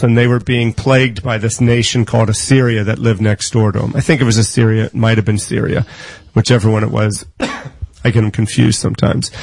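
A man delivering a sermon in a conversational, storytelling way, acting out the voices of people in his stories. He speeds through memorized scripture passages. His voice is of middle pitch and sounds dry, with little room echo. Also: a little mellow. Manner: quotes scripture in quick bursts. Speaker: preacher.

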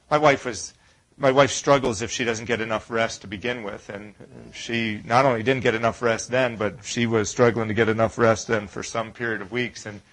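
A man's voice: lowish voice, poor audio. A middle-aged man preaching a conversational sermon, asking rhetorical questions and acting out complaining voices. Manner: animated, acts out whiny voices, rhetorical questions.

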